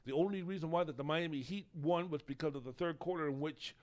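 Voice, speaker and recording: A man's voice: a little high, fast, a little mellow. A man hosting a solo sports podcast, talking in a rambling, opinionated way and swearing casually. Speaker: podcast host.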